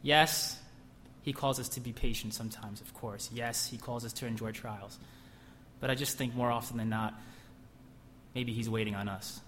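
A man's voice: mid-range voice, steady tone, moderate pace, fairly bright tone, a little hiss or hum. A young man preaching a conversational sermon who sometimes bursts into emphasis. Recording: echoey hall, faint ambience.

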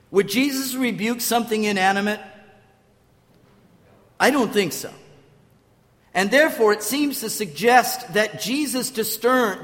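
A man's voice: high-pitched, fairly bright tone, big-room sound. An older man preaching a sermon, telling stories with restarts and acting out quotes. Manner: storytelling with restarts, acts out quotes. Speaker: pastor.

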